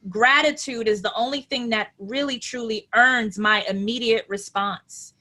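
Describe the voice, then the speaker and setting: Give me a woman with a bright, slightly high voice hosting a reflective spiritual chat. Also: a little slow. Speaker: host. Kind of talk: casual spiritual chat, reading notes.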